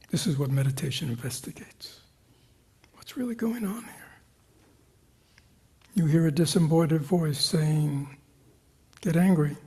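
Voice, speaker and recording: A man teaching meditation to a retreat group, questioning his listeners and often dropping to a whisper. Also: on the high side. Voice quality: gravelly, husky. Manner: questioning, engaging the audience with repeated "right?" and "you know"; drops into soft whispers at times. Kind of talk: dharma talk to a retreat group. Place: meditation hall with a live group.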